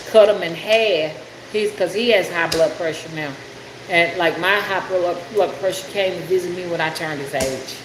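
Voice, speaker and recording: An older woman, a rootworker, hosts a casual livestream, chatting in a lowish voice and greeting viewers by name while working with her hands. The room is echoey, with air conditioning noise.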